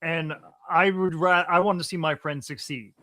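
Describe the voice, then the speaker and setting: A man hosting a podcast over a video call, chatting casually, animated and swearing freely. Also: a little high, moderate pace, dry recording, studio quality. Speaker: podcast host.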